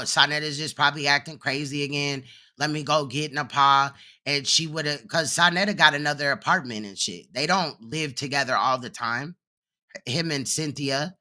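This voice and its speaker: A man's voice: on the high side, sharp tone. A man hosting a reaction commentary, talking bluntly and profanely and mocking the clip he plays. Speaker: commentary host.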